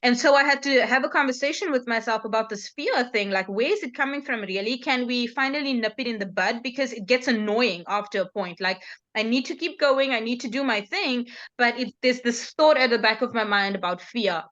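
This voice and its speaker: A woman's voice: fairly high pitch, fairly quick, fairly bright tone. A woman guest in a casual chat, telling a story in a reflective way. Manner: reflective storytelling, with quoted dialogue. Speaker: guest author. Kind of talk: casual conversation. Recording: dull lo-fi sound.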